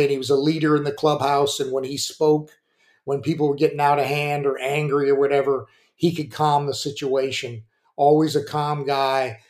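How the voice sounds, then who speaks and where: An older man, a former pitcher and coach, telling rambling stories on a podcast with plenty of restarts and fillers. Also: a little mellow. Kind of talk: casual storytelling.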